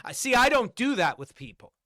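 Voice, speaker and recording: A man's voice: extremely high pitch, sing-song, a little fast, pushed and bright. A man on a livestream delivering an angry, profane rant full of repeated rhetorical questions. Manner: combative, repetitive, profane, hammering rhetorical questions.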